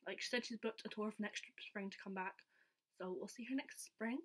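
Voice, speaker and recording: A young woman telling a story in a casual, excited, chatty vlog style, full of "like" fillers. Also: mid-range voice, moderate pace. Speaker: vlogger.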